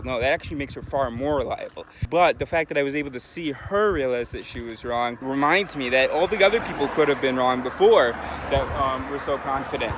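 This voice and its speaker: A man talking casually to his camera while travelling, thinking aloud as he goes. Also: medium pitch. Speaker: vlogger. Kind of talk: casual travel vlog talk. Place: outdoors by roads and mountain trails. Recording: outdoor camera audio with street noise.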